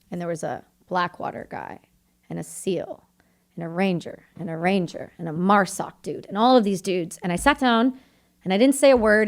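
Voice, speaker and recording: A woman from Canada, a combat veteran, telling her story as a podcast guest in candid, earnest conversation. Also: medium pitch. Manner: earnest, tells her story in quick bursts of remembered dialogue.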